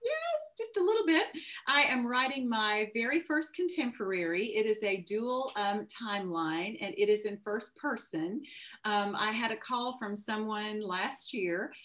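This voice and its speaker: A woman novelist, a guest on a video call, telling stories in a casual, animated way with many restarts. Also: medium pitch, measured pace. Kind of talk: casual conversational interview.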